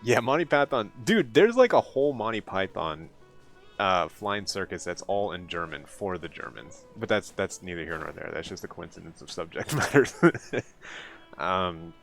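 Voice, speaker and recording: Deep-voiced man rambling on a late stream. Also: animated, moderate pace, a bit bright, soft background music. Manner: rambling, laughs often, self-deprecating. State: tired, up late at night. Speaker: live streamer. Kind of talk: casual late-night stream chat with viewers.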